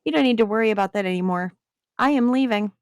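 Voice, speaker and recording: A woman's voice: a little high, fast, no room sound, voice pushed up, lightly acted. Woman reading as a sarcastic rebellious daughter. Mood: defiant. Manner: mock-innocent, smirking.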